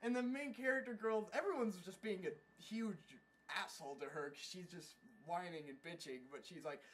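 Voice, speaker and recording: Brief: man with an unusually high voice, mocking cartoon recap, swears a lot, rambles. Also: moderate pace. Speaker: anime reviewer. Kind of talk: casual comedic episode recap.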